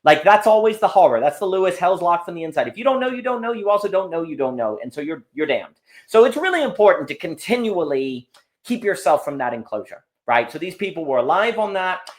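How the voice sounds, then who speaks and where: A man's voice: high voice, brisk. A man talking as a guest in a casual conversation, telling rambling stories full of restarts and asides. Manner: animated, rambling storytelling with frequent restarts. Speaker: podcast guest.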